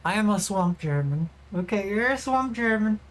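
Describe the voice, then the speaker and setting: A woman's voice: mid-range voice, animated, moderate pace. A woman from Sweden livestreaming in a loose, rambling way. She giggles often and swears without a second thought as she chats with her viewers. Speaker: streamer. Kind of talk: casual livestream chat.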